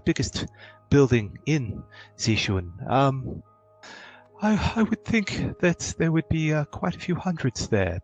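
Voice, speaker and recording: A man voicing an old motherly halfling woman servant, kindly and resigned, with a creaky voice. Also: mid-range voice, highs cut off, pitched above the performer's own voice.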